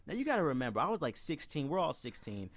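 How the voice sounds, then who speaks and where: A man's voice: on the high side, sing-song, quick pace, dry recording. A young man telling a comedic, profane story from his school days, laughing often and acting out other people's voices.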